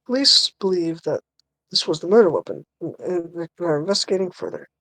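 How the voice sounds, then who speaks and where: A woman's voice: fairly low pitch, expressive, a little fast, fairly bright tone, voice pushed down, low-quality recording. A woman putting on a formal TV news anchor voice, reading game dialogue aloud on a stream.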